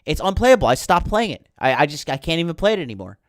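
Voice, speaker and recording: A male podcast host in mid rant, swearing freely and sneering at every plot turn. His voice is smooth and resonant, recorded close with no room echo. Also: a little high, big pitch swings, quick pace. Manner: profane, heated, sarcastic. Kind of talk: ranting film commentary.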